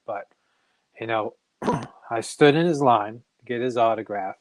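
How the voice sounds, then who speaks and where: A comic artist from Massachusetts, appearing as a guest in a casual interview, tells long stories and animatedly acts out the dialogue of the people in them. His voice is medium-pitched, with no room sound.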